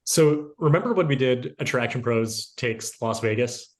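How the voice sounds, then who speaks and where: A man's voice: mid-range voice, lively intonation, a little slow. A man co-hosting a podcast in casual chat, reflecting on and summing up his partner's points. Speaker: podcast co-host.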